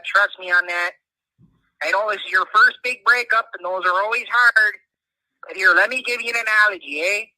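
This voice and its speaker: A man's voice: high-pitched, pushed and bright, no echo, rough recording. Male actor as a foul-mouthed Canadian uncle on voicemail, dry close sound. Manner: crude, folksy, says "eh" and "bud". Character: blunt Canadian uncle on a voicemail, crude and folksy. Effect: phone voicemail.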